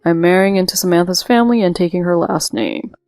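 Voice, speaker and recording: A woman's voice: lowish voice, fast talker, smooth, no room sound, close to an everyday voice. A woman voicing a composed, polite young groom who stands firm. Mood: resolute. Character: calm, resolute young groom. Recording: dry with soft music behind.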